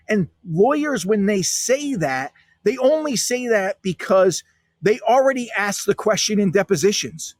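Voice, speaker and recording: A man's voice: high-pitched, expressive, moderate pace, dry recording. A man, a guest author in a podcast interview, talking in an emphatic, punchy storytelling way.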